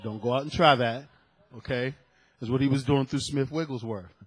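Husky-voiced preacher man, emphatic. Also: mid-range voice, moderate pace. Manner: emphatic, repeats key phrases for effect; dramatic storytelling with sudden loud peaks. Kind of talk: sermon.

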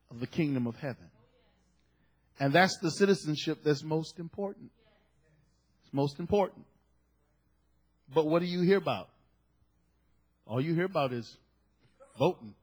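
High-voiced preacher who builds to shouts. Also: male voice, breathy edge. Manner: jokey, builds to shouted emphasis. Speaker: pastor. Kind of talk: sermon. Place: church.

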